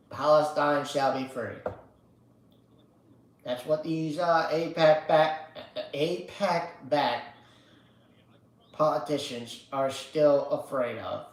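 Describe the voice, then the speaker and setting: A man hosts a casual livestream and talks at a slow, drawn-out pace. His voice sits a little high, and he swears freely and chants slogans. The room around him is echoey. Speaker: livestream host. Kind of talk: casual political livestream rant.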